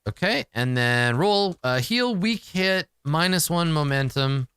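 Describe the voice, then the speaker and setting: Man, solo tabletop game, exasperated, self-mocking, slow, bright, lively pitch. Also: clear, resonant tone, dry recording, clean studio sound. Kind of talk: solo game playthrough, thinking aloud.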